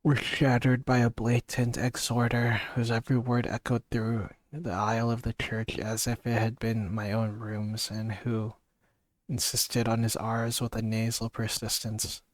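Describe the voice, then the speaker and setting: A man's voice: mid-range voice, no room sound. A man streaming a casual read-aloud of a story, reading steadily with restarts and brief asides.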